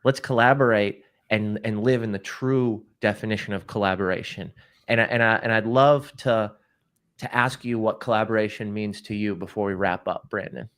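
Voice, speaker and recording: A man co-hosting a live stream in a low voice. He speaks earnestly and often stumbles over repeated words as he restarts his sentences. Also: fairly even intonation, normal speed, fairly bright tone. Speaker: co-host.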